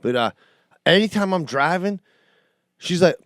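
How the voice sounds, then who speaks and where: A man's voice: fairly high pitch, animated, normal speed, gravelly, long pauses, fairly bright tone, no room sound, studio quality. A middle-aged man, a podcast co-host ranting profanely in a casual chat and often laughing.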